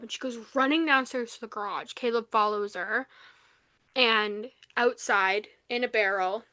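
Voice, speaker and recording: A young woman co-hosting a podcast, recapping a novel in casual chat, animated and full of fillers, acting out the lines she quotes. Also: fairly high pitch, moderate pace, no room sound. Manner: animated retelling, acts out quotes, many fillers. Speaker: podcast co-host. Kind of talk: casual book review chat.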